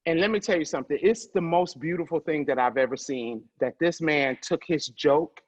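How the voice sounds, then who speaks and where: A woman comedian telling stories as a guest, loud and profane, quick to laugh. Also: low voice, rough recording. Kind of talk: animated storytelling.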